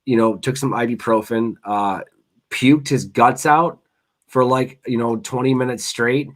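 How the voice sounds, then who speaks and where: Man telling stories in relaxed chat. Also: medium pitch, a little slow. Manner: rambling storyteller, swearing, restarts. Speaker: host, chef. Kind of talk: casual chat.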